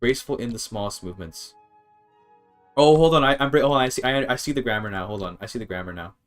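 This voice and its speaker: A man streaming a game in casual talk, thinking aloud as he works through a translation, with halting restarts and tries at German words. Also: medium pitch, faint music behind. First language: English.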